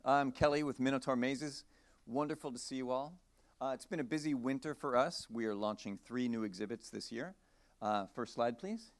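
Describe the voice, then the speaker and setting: Male presenter, medium pitch, upbeat salesy conference pitch. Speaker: exhibit company presenter.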